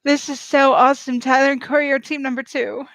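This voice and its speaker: High-voiced, excitable woman vlogger. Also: a little fast, dry recording, low-quality recording. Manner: excitable, gushing, talks straight to viewers. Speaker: reaction vlogger. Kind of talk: live reaction commentary.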